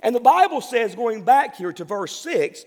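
Emphatic high-voiced preacher. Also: male voice, sing-song, darkish tone, big-room sound. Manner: emphatic preaching with dramatic pauses. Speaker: pastor. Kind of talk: sermon.

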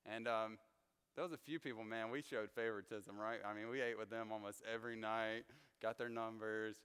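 Man, Bible study leader, chatty storyteller, smooth clear voice, long reverb of a church hall. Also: on the low side, brisk. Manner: chatty, animated storyteller with frequent fillers.

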